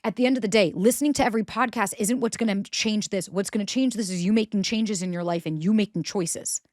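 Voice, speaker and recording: A woman's voice: medium pitch, fast, darkish tone, dry recording. A blunt woman podcast host giving relationship advice, swearing freely and hitting her points hard. She acts out the voices she quotes. The recording is dry, with no room sound. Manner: blunt and profane, emphatic. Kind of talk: candid advice monologue.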